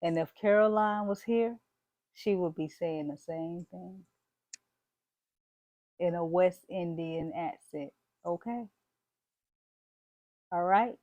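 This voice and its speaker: Taking it slowly and pausing often, a woman with a lowish, slightly mellow voice preaches boldly to her viewers in a casual motivational vlog, saying "y'all" and "baby" along the way. The recording is dry.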